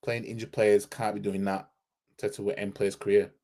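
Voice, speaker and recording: A man's voice: on the low side, level tone, normal speed, dark tone. A man from Yorkshire hosting a football fan live stream, sarcastic and repetitive as he reads out viewer comments and argues with them.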